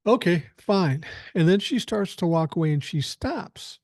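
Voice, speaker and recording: A man's voice: sits high, lively intonation, a little slow, a little mellow, dry recording. A man in his sixties hosting a podcast, telling a rambling, chatty story with filler words while feeling unwell. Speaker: podcast host. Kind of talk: casual storytelling.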